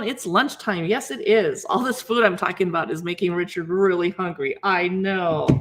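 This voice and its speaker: A woman in her fifties hosts a casual livestream, chatting as she pages through a cookbook, reading recipe names aloud and greeting viewers. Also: mid-range voice. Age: 50s. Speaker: livestream host.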